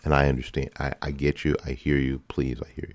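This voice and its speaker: Male show host, extremely low voice, dry close sound, fervent repetitive rhetoric. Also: flat delivery, brisk, darkish tone, dry recording. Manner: impassioned, repetitive rhetorical questions. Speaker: political commentary host. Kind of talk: opinion monologue.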